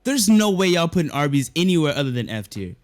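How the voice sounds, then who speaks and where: A man's voice: on the high side, sing-song, fast, dry recording, faint music behind. A man from California co-hosting a casual podcast chat, heated and slangy, arguing his picks hard. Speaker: podcast co-host.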